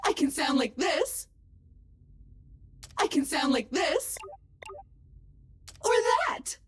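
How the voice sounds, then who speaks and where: A woman's voice: sits high, big pitch swings, extremely slow, heavily acted. A woman voicing a chatty, mildly sardonic female AI assistant in a video game. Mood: playful.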